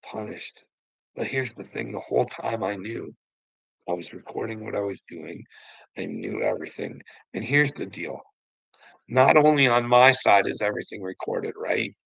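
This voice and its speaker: A man's voice: lowish voice, normal speed, gravelly, fairly bright tone, husky, no room sound, low-quality recording. A man ranting on a livestream, preachy and taunting, swearing and mocking the person he addresses. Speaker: channel host. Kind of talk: confrontational livestream rant.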